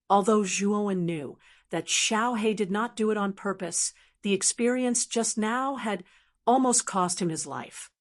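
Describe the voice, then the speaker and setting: A woman's synthetic voice reading an audiobook in even, steady scripted narration. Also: mid-range voice, a little slow.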